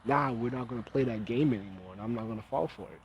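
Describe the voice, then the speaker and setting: A man's voice: mid-range voice, fast, a little hiss or hum, poor audio. A man giving a casual opinion monologue as a vlogger, with blunt, profane, heated ranting.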